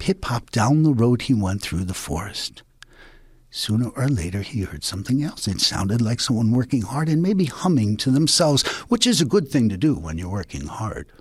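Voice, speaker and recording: A man telling a folk tale in a playful, hushed way, often sinking to a whisper. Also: mid-range voice, slightly rough, dry recording, clean studio sound. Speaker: storyteller.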